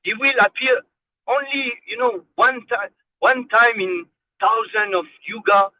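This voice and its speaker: A man's voice: very high-pitched, steady tone, a little slow, a little hiss or hum. A man giving a devotional class, fervent and exhorting, repeating phrases for emphasis. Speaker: spiritual class speaker. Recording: tinny phone-like line, dry.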